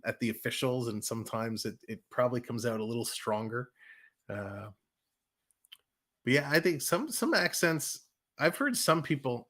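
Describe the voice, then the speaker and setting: Man, Canadian accent, hockey play-by-play streamer, chatty, mid-pitched voice, picks up speed on rushes. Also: a bit bright. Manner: chatty, reads chat aloud, quickens on plays. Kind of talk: live play-by-play commentary with chat. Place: home, living in the US.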